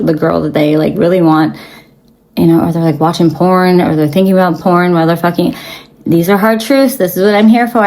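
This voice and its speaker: A young woman, a spiritual reader, gives her viewers blunt, profane spiritual advice in a casual style full of fillers. Her voice is fairly low and a little mellow, and the recording is rough.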